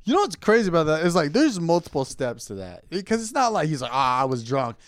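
A male comedian co-hosting a podcast, telling crude stories in a laid-back way and slipping into voices for the bits. His voice is a little high and moves lively up and down. The room sounds dry and close to the mic. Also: quick pace, dry recording. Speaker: podcast co-host, stand-up comedian.

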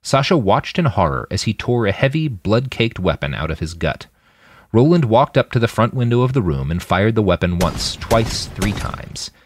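Expressive low-voiced male audiobook narrator. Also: dry recording, clean studio sound. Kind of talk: scripted narration.

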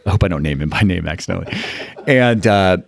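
A man in his fifties from Utah, telling animated stories as a guest in an interview and acting out the people in them. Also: sits low, fast, gravelly. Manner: animated, acts out quotes in the story. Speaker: guest, fund manager. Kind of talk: storytelling interview.

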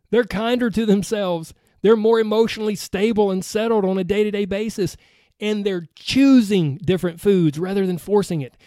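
A man's voice: sits high, darkish tone, dry recording, studio quality. A man with a Southern accent hosting a podcast, coaching listeners in an earnest, conversational monologue, often asking "right?". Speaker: podcast host and weight-loss coach.

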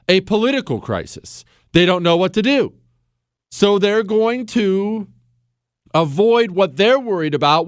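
A man's voice: high voice, dry recording, studio quality. A man hosting a talk radio show, giving a sarcastic, theatrical monologue.

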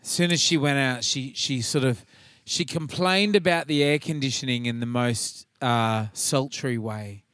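A man's voice: mid-range voice, unhurried, a bit bright, smooth, no echo, clean studio sound. Rambling Australian storyteller man. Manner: rambling anecdotes, sweary, acts out quotes. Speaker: podcast co-host. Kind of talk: casual chat, storytelling.

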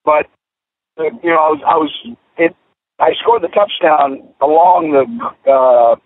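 A former football player in his fifties tells animated stories, stumbling and restarting as he goes. His voice sits fairly high with a gravelly edge. The audio is thin and tinny, like a radio phone line. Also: measured pace, no room sound. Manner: animated, many restarts and fillers. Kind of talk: casual radio interview storytelling.

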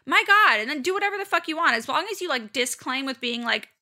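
A young woman co-hosting a podcast in casual chat, animated and rambling, swearing often. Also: high-pitched, quick pace. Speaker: podcast co-host.

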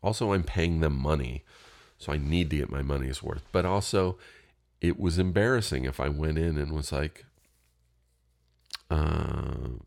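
A middle-aged man casually telling a story, animated and profane, acting out both sides of his phone calls. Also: rumbling low, measured pace, vocal fry, pauses often.

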